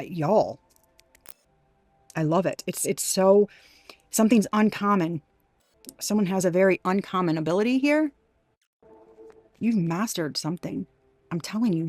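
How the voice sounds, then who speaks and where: A woman's voice: lowish voice, darkish tone, dry recording. A woman giving an intuitive tarot reading to her viewers, talking emphatically with many restarts and exclamations. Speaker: tarot reader.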